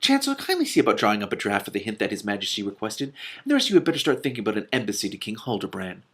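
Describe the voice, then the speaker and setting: A man's voice: lowish voice, huge pitch swings, very fast, a bit bright, slightly rough, exaggerated voice. A man voicing a pompous prime minister who thinks aloud and then gives orders. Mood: commanding. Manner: pompous, thoughtful.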